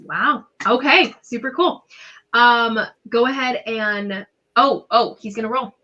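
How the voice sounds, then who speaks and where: A woman's voice: fairly high pitch, slow pace, lo-fi sound, noisy background. A woman acting as game master, narrating a tabletop game in a descriptive, chatty way with many fillers.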